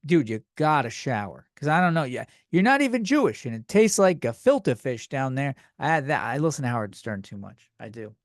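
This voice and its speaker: A man's voice: fairly high pitch, dry recording, clean studio sound. A man hosting a comedy podcast, talking bluntly with lots of swearing, rambling and restarting his sentences. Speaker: podcast host.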